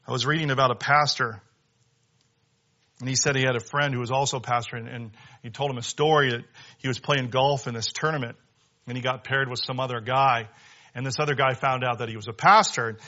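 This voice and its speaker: A young male pastor delivers a sermon with animated, conversational energy. His voice is bright and forceful, swinging between loud emphasis and quiet asides. The recording sounds slightly muffled and lo-fi. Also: medium pitch. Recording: dull lo-fi sound.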